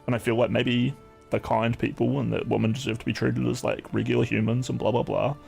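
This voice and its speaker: Male streamer, mid-pitch with a gravelly edge; loose, profane, filler-heavy chat over faint music. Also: flat delivery, fairly quick, a little mellow.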